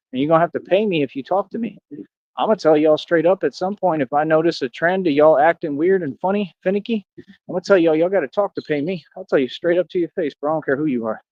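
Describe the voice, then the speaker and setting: A man's voice: a little high, fast talker, no room sound, muffled recording. A man livestreaming, talking straight to his chat in a boastful, confrontational, slangy way. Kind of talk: casual livestream rant to chat.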